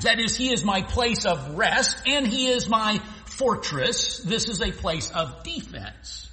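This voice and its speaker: A man's voice: sits high, very animated, unhurried, few pauses, sharp tone. A male pastor preaching an earnest expository sermon, sometimes restarting his phrases. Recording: echoey hall with long reverb.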